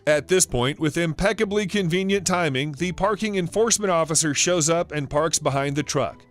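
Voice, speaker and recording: Brief: male narrator, slightly high voice, wry and sarcastic storytelling. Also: moderate pace, soft background music. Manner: wry, amused, dryly sarcastic.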